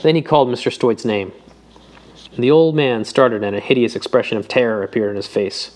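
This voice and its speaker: A man reading a novel aloud in a measured, even narration. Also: medium pitch. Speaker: audiobook reader. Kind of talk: scripted narration.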